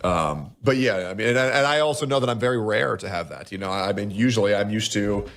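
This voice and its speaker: A young adult man streaming, talking in an emotional, halting way with frequent stammered restarts. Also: lowish voice, creaky, fairly bright tone. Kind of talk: emotional live-stream monologue.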